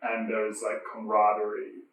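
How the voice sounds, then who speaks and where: A man's voice: on the low side, monotone, fairly quick, gravelly, a bit bright, a little hiss or hum. A man hosting an interview, hesitant and full of fillers. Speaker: host. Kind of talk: casual interview questions. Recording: very echoey room, distant mic, faint ambience.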